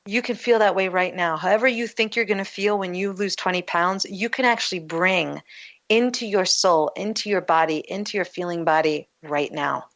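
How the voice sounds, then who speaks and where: A woman's voice: lowish voice, normal speed, a bit bright. A woman coach as a guest on a talk show, explaining with easy metaphors and laughing often. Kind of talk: casual interview talk. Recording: lo-fi muffled line.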